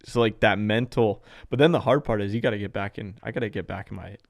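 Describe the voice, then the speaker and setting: Gravelly low-voiced racer, rambling. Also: male voice, fast, no echo, studio quality. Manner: rambling, animated, heavy use of "like". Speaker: off-road truck racer, guest. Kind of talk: casual podcast conversation.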